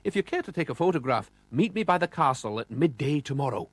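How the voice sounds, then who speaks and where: A man voicing a gentle, motherly female lake monster in a storybook reading, polite and kindly. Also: a little high, animated, quick pace, no echo. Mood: gracious.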